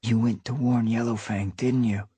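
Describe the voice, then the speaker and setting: A man voicing a loyal young male apprentice cat who speaks in a hushed, urgent way during a live novel reading. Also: medium pitch, fairly even intonation, normal speed, breathy edge, no room sound, voice pushed up, lightly acted.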